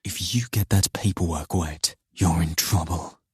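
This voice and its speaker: A man voicing a dominant, possessive husband in an audiobook, speaking in a low, hushed, commanding way. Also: a little slow, husky, dry recording, studio quality, heavily acted.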